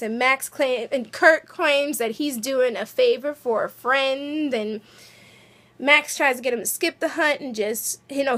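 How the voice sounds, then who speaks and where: A woman giving a chatty, animated recap of a TV episode, with lots of fillers and asides. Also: high-pitched.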